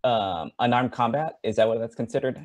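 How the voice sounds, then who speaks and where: A man playing a tabletop game over voice chat, his pitch in a middle range. He rambles, piling on "like" and "um" as he works out his moves. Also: fairly quick. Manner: rambling, full of "like" and "um". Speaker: player. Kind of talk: casual tabletop game play. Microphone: online voice call.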